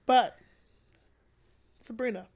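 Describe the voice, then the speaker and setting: A woman's voice: takes it slowly, darkish tone. A woman hosting a podcast in casual chat, playful and teasing, laughing often. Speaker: podcast host.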